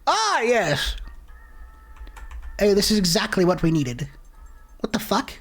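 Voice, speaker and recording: A woman streaming a horror game, ranting and swearing with sudden shouts. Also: lowish voice, lively intonation, moderate pace, breathy edge, faint music behind. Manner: profane, exasperated rants with sudden shouts. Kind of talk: casual gameplay commentary.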